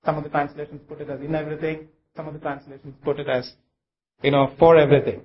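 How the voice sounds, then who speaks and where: Man, preacher, sermon, halting speech, echoey hall. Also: fairly high pitch, level tone, muffled recording. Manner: halting, many fillers and restarts.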